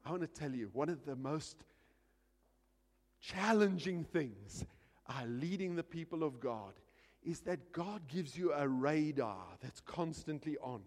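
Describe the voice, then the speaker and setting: Pastor guy preaching, high voice, goes from soft to yelling, lots of echo from a big hall. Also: lively intonation, measured pace. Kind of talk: sermon.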